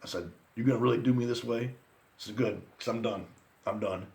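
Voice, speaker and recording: A man's voice: lowish voice, fairly even intonation, a little fast, creaky, a little mellow. A man in his forties telling rambling, profane stories about his friends and past, laughing at his own anecdotes. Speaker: vlogger. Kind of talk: casual storytelling rant.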